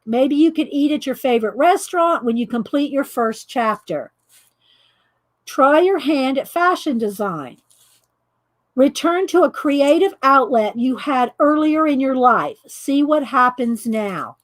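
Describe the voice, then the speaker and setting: A woman with a Southern US accent hosting a casual live stream, chatty and laughing often as she talks to viewers by name. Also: sits high. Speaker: channel host reading prompts to live viewers.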